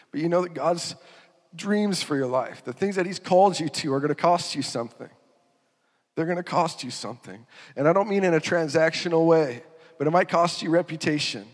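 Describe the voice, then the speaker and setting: A man preaching a sermon. He talks in an animated way, laughs, and acts out quotes in sudden loud, high bursts. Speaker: pastor. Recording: reverberant hall.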